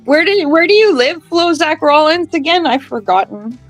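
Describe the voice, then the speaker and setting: A woman's voice: high voice, animated, moderate pace, soft background music, rough recording. A chatty woman in casual conversation on a podcast who laughs easily and tells anecdotes. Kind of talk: casual chat.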